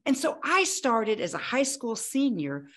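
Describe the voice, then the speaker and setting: A woman in her sixties speaks with a voice that sits a little high. She tells her own story as a podcast guest, vivid and dramatic, and acts out the dialogue she remembers. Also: big pitch swings, measured pace. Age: 60s. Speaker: guest, health coach. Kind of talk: personal storytelling in a podcast interview.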